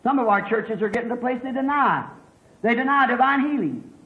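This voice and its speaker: A man preaching a fervent revival sermon, swinging from hushed asides to shouted exclamations. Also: very high voice, lively intonation, a little fast. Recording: echoey, muffled old sermon recording.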